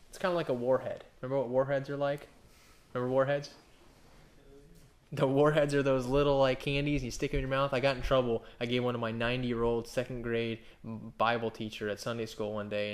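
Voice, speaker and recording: A man's voice: medium pitch, steady tone. Man preaching in a casual, rambling way. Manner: casual, rambling preaching with asides and repeated restarts; reads scripture slowly and emphatically. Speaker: pastor. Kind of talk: sermon.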